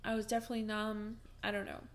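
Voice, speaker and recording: A woman's voice: mid-range voice, little pitch movement, fast talker. A young woman vlogging from home, telling a personal story in a casual, chatty way with many fillers and restarts, and breaking into laughs as she talks.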